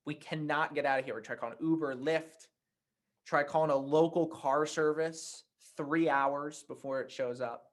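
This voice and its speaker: A man teaching a writing workshop, telling a personal anecdote in a conversational, animated way. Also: mid-range voice. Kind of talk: workshop talk with storytelling.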